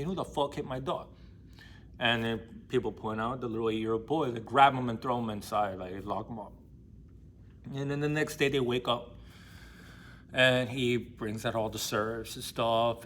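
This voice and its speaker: This young guy runs a casual book vlog, telling stories and giving commentary with street slang, blunt emphasis, and free-flowing profanity. His voice sits mid-range and sounds a bit bright, with a little hiss or hum in the audio.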